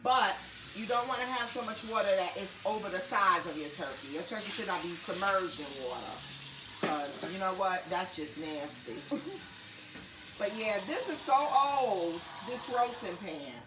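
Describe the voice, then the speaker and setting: A woman's voice: mid-range voice, lively intonation, measured pace, echoey room, background noise. A woman vlogger cooking in her home kitchen, chatting playfully to viewers with laughing asides. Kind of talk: casual cooking demonstration.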